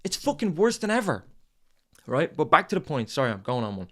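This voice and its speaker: A man's voice: on the high side, big pitch swings, brisk, pushed and bright. Profane, fired-up man ranting. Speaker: podcast host. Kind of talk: motivational monologue.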